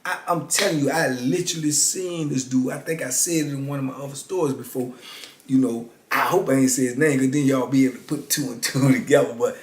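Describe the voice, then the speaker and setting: A man in his fifties telling a story in a relaxed, casual way and acting out the other people's voices. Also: medium pitch, brisk, a little hiss or hum. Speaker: YouTube storyteller. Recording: roomy echo.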